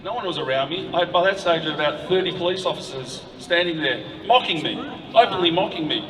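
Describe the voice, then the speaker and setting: A man's voice: a little high, lively intonation, a little fast. A man giving an emotional, indignant speech to a crowd outdoors at night. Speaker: protest speaker. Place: city street at night, outdoors. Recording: echoey, distant street recording with noise.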